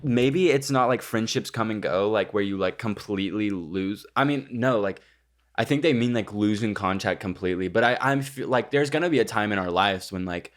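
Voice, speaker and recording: A man's voice: fairly low pitch, brisk. A young man co-hosting a podcast, with campy, teasing, crude banter. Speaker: podcast co-host. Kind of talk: casual chat.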